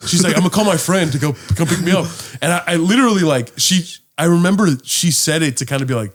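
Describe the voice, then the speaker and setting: A man co-hosting a podcast, telling a story in a relaxed, casual way, swearing often. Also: a little high, fast talker. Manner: relaxed, swears often, mimics his own past lines. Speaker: podcast co-host.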